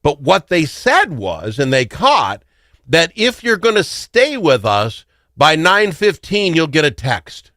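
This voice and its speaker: A man's voice: on the high side, pushed and bright, dry recording. A middle-aged man hosting a talk radio show, rambling through stories and joking with frequent laughs. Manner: rambling, joking storyteller who laughs often. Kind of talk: casual talk radio chat.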